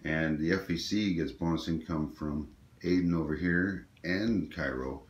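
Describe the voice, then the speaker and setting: A man's voice: rumbling low, a little slow, lo-fi sound. A man casually talking through his moves in a tabletop strategy game, explaining as he goes with plenty of ums and uhs. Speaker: board game player. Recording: echoey room with faint noise.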